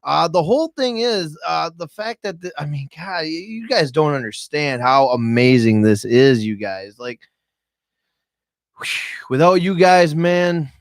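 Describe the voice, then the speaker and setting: With a fairly high voice and measured pace, this podcast guest tells candid stories with no room sound. He gets emotional and swears freely, speaking straight to viewers in a studio set up with cameras.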